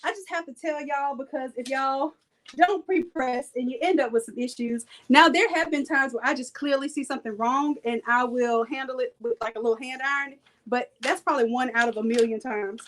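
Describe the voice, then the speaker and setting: High-pitched playful woman teaching live. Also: brisk, a bit bright, low-quality recording. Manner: playful, chatty, joking with viewers. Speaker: design and printing instructor. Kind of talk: live hands-on demo class.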